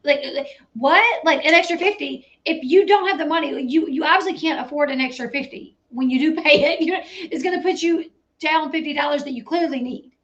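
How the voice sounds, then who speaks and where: A woman with a high voice reacts to a clip in a blunt, incredulous way. She speaks her mind plainly as the host of a commentary channel. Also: a little fast, fairly bright tone, muffled recording.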